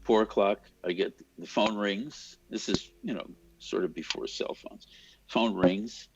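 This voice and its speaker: A man's voice: on the low side, a little slow, gravelly, background noise. An older man, a cinematographer, telling stories in an interview and acting out the people he quotes. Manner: animated storyteller, imitates voices in quotes. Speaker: cinematographer guest. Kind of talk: storytelling in an interview. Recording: dull lo-fi sound.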